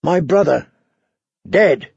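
A man voicing a brutal, scarred male warrior who growls and shouts with scorn, in a storybook reading. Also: fairly high pitch, lively intonation, slow, gravelly, breathy edge, no room sound, lo-fi sound, heavily acted. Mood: shouting.

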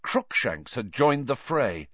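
A man narrating an audiobook with a dramatic, lively reading. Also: medium pitch, takes it slowly, no echo, highs cut off.

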